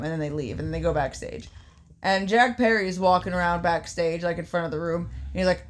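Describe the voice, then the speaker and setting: A woman's voice: lowish voice, brisk. Foul-mouthed woman podcast host. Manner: swears constantly, animated storyteller acting out quotes. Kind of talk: casual chat recapping wrestling.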